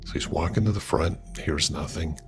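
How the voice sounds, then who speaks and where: A man's voice: extremely low pitch, moderate pace. A man casually narrating a paranormal story in a loose, conversational way, with fillers and restarts.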